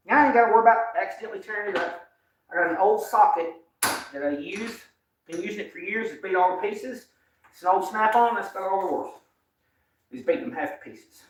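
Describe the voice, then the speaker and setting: Guy talking shop on a live stream, kinda high voice, far off the mic in a noisy echoey garage. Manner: folksy, mutters to himself while working. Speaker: host. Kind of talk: casual live-stream chat while working.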